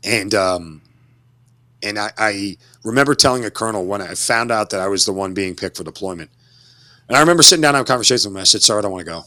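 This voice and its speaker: A man's voice: on the low side, fast, bright, forceful tone, no room sound. A man in his forties, a guest telling his story in an interview, reflective and given to repeating words as he restarts. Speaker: interview guest, former Army officer. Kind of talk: conversational storytelling.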